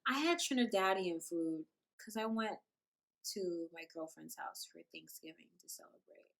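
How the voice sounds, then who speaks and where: Woman voicing a chill college guy, offhand, bright voice, lively. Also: high-pitched, normal speed, vocal fry, voice pushed down, exaggerated voice, low-quality recording. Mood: matter-of-fact. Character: laid-back young male college crush.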